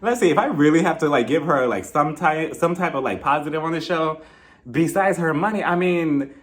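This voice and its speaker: A man's voice: on the high side, animated, brisk. A man giving a casual recap of a reality show episode, acting out the cast members' lines in exaggerated voices.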